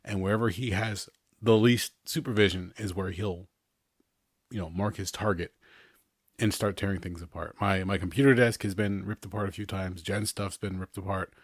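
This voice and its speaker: Low-voiced man in casual podcast chat. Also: steady tone, normal speed, no echo, clean studio sound. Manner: rambling, chuckles often between remarks. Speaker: podcast host.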